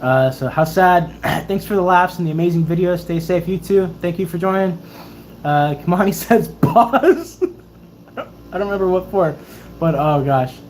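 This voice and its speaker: A woman's voice: fairly low pitch, normal speed, a little hiss or hum, low-quality recording. A woman in her twenties, a Navy sailor, chatting casually on a livestream Q&A and telling stories with lots of laughter. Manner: animated, laughing storyteller.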